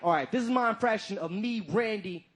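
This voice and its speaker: A man playing a brash, crude male comedian who brags loudly and breaks into shouts, performing stand-up before a live audience. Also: high-pitched, brisk, close to an everyday voice. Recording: live stage, crowd and room noise.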